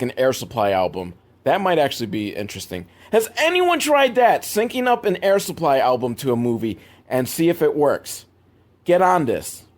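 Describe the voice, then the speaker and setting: A young man giving a comedic movie recap, rambling and sarcastic, with sudden jumps in pitch. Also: a little mellow. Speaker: movie reviewer.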